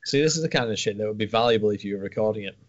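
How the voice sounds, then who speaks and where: A man's voice: lowish voice, rapid-fire. A man chatting casually as a podcast co-host, making dry, swear-filled asides. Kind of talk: casual chat. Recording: dull lo-fi sound.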